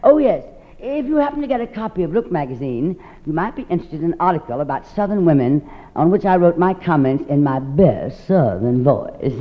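A woman hosting a 1950s radio variety show, theatrical and drawling, calling everyone darling, with a husky low voice. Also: lively intonation, fast talker, long reverb tail. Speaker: host. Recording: dull lo-fi 1950s radio broadcast. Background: faint orchestra music.

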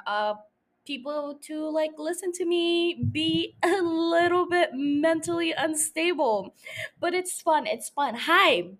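A young woman hosting her own podcast, chatting casually in a rambling, self-mocking way, swearing often and laughing. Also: high voice. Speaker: podcast host. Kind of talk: casual solo podcast chat.

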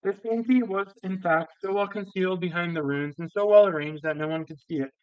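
Reader: man, higher clear voice, steady audiobook narration, dull lo-fi, dry. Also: fairly quick, no echo. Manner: steady, with occasional slips and restarts. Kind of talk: classic novel reading.

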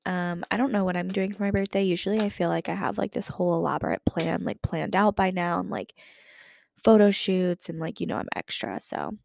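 Talking briskly with vocal fry, this woman's fairly low voice is a little mellow, with a little hiss or hum in the recording. She's in her twenties, hosting a podcast and chatting casually, saying "like" a lot and carrying a lingering cough.

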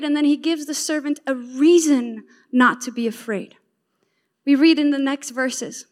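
A woman delivers a sermon in a high voice. She builds her points through emphatic repetition and retells the story with lively asides to her listeners. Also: a little slow. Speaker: preacher.

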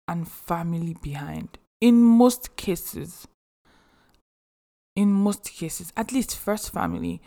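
A young woman from Nigeria, hosting a podcast and giving chatty, expressive advice with humorous asides. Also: fairly low pitch. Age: young adult. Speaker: podcast host. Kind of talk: casual advice monologue.

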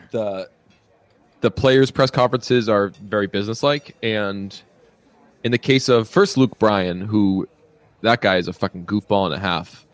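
A man's voice: fairly low pitch, no echo. Rambling man chatting on a podcast. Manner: rambling, laughs often, many fillers. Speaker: podcast co-host. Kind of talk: casual chat.

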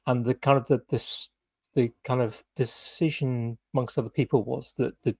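A man from the UK chatting on a podcast, his voice a little husky and recorded dry and close. He tells loose, rambling stories full of "kind of" and restarts. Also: medium pitch, steady tone, normal speed, darkish tone, no room sound. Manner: rambling anecdotes with many fillers and restarts. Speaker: podcast co-host. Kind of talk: casual chat.

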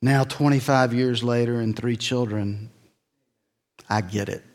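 A middle-aged man preaching a sermon, telling a personal story, his voice swelling and then dropping low. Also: fairly even intonation, measured pace, big-room sound. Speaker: pastor.

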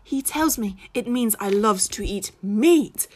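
A woman's voice: mid-range voice, lively intonation, slow, slightly rough. A woman narrating a children's story expressively in the first person, using childlike grammar. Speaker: audiobook narrator.

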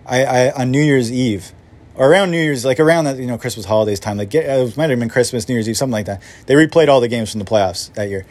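A man's voice: mid-range voice, quick pace. A middle-aged man hosting a podcast and telling a personal story in a casual, rambling way that jumps from one thought to the next. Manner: rambling, self-interrupting, animated. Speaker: podcast host.

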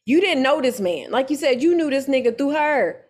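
Animated high-voiced woman recapping reality TV. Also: normal speed. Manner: animated, profane, mimics cast members. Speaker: podcast co-host. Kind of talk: casual reality-TV recap chat.

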